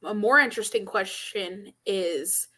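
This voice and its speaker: A woman's voice: medium pitch, unhurried, pushed and bright. A woman from Arkansas co-hosting a casual sports podcast, blunt and opinionated. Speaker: podcast co-host.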